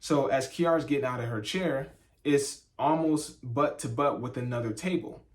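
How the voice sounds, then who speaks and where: A man's voice: mid-range voice, normal speed. A young man talks casually beside his wife for their vlog, telling a story with plenty of energy. His voice sits in a mid range. He acts out the other people in the story as he goes. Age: young adult. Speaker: vlogger, husband. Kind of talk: casual sit-down chat.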